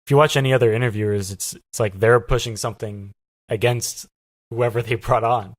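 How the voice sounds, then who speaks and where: A man guest in a casual interview, talking softly with many fillers and pauses. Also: medium pitch, steady tone, dry recording. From lives in Los Angeles. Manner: soft-spoken, lots of fillers and hesitations. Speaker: podcast guest.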